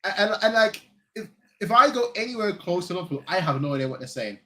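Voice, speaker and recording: A German-born fan channel host who lives in Manchester chats casually during a live football watchalong, his voice pitched a bit higher than most men's. He rambles, loops back over his own phrases and says "like" constantly. His pitch swings widely, his pace is quick, his tone is sharp, and the recording quality is low.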